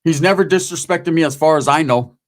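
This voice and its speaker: A man's voice: on the high side, fairly quick. A middle-aged man giving a casual monologue commentary, talking in street slang and dropping "man" and "right?" often. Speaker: YouTube commentator.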